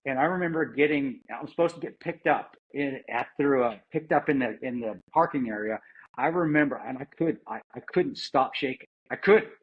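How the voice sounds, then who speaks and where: This former Army Ranger and security contractor, a middle-aged man from the United States, speaks as an interview guest in a medium-pitched, slightly rough voice at a fairly quick pace. His storytelling is candid and conversational, plain-spoken with many restarts and some swearing. The sound is narrow and tinny.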